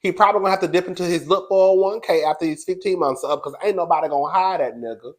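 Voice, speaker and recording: Sassy high-voiced man recapping gossip. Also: very fast. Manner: brash, sassy, profane, laughing often. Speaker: reality TV recap host. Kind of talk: casual gossip commentary.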